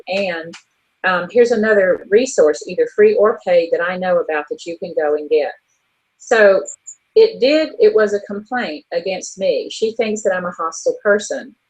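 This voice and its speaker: Frank, husky-voiced woman telling a story. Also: fairly low pitch, darkish tone, rough recording. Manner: frank, exasperated, chatty storytelling. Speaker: online business coach co-hosting a show. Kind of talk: casual monologue telling a story.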